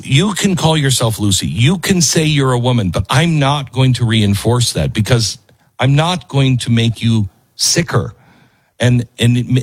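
A man's voice: mid-range voice, husky, no room sound. A middle-aged man hosting a talk show in a conversational style, breaking off and restarting his sentences. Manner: conversational, self-interrupting, with fillers. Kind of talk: talk radio monologue and ad read.

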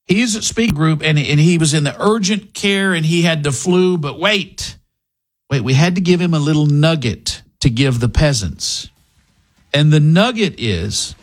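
A man's voice: on the high side, expressive, unhurried, soft background music. A man hosting a political commentary show, talking in a sarcastic, opinionated way with frequent fillers. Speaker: host.

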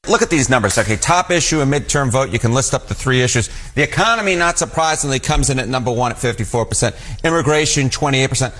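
A man's voice: medium pitch, expressive, fast, few pauses, a bit bright. A man with a New York accent explaining poll numbers as a TV news analyst, emphatic and repeating key figures. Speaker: TV data analyst.

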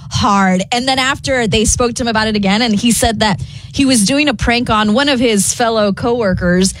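Animated female radio co-host. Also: on the high side, moderate pace, low-quality recording. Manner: animated storytelling, laughing along. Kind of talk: casual radio banter.

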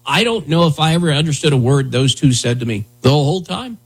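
Husky, rambling radio host, a man. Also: mid-range voice, quick pace. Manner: loose, rambling, lots of "dude" and "man". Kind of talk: casual talk radio banter.

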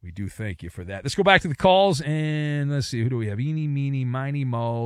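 A man's voice: medium pitch, animated, moderate pace, hardly any pauses, clear, resonant tone, no room sound, studio quality. A man hosting a call-in sports radio show, bantering and teasing his callers in a jokey way. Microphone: studio microphone.

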